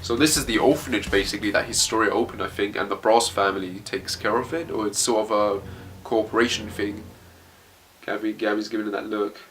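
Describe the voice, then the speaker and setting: A man reading a manga chapter aloud as he reacts, blunt and excitable, swearing freely. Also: fairly low pitch, fairly quick, faint music behind.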